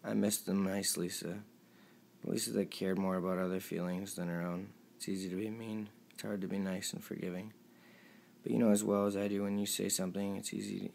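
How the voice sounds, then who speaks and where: A young man with a very deep voice and a gravelly rasp reads his text messages aloud. He sounds emotional and pleading, and his voice drops low and quiet at times. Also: flat delivery, brisk, a little hiss or hum. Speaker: vlogger. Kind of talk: reading out text messages to camera.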